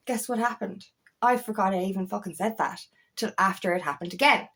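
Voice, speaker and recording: A woman's voice: mid-range voice, a little fast, fairly bright tone. A woman talking as an empowerment coach in a personal vlog, candid and emphatic, swearing freely as she speaks.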